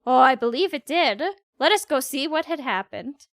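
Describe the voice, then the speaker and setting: A woman voicing a polite, gentle older male bird who runs a cafe, speaking formally and softly. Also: high-pitched, expressive, normal speed, dry recording, studio quality. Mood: calm. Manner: formal, soft-spoken.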